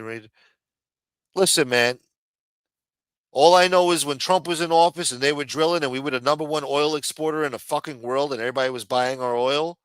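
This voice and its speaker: On his livestream, a middle-aged US host unloads an angry, expletive-filled rant. His voice is medium-pitched and slightly bright, recorded on a streaming microphone without room sound.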